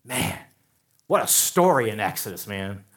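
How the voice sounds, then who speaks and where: A man's voice: fairly low pitch, big pitch swings, unhurried, a bit bright. Fervent man preaching in a roomy church. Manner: emphatic preaching with rising, fervent peaks. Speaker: pastor. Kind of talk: sermon. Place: church sanctuary. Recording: roomy church sound from a distance, faint music.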